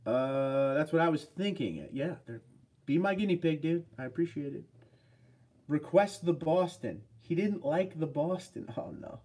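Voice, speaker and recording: A man's voice: fairly high pitch, animated, unhurried, a little mellow, slightly rough. A man in his thirties hosting a casual home livestream, rambling as he reads out and answers viewer comments. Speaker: livestream host.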